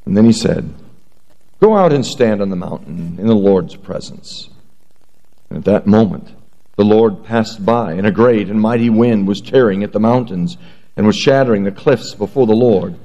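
A man preaching a sermon, reading scripture aloud in a measured, earnest way before praying and beginning his message. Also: on the low side, animated, dark tone, muffled recording. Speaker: pastor.

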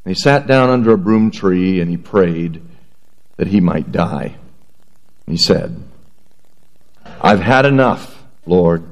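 Earnest low-voiced male preacher. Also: darkish tone, low-quality recording. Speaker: pastor. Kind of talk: sermon with scripture reading.

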